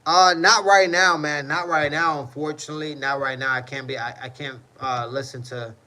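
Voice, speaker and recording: A man's voice: mid-range voice, flat delivery, fairly quick, sharp tone, poor audio. A man hosting a casual livestream, reading chat comments and answering in a rambling way, often repeating "you know what I mean".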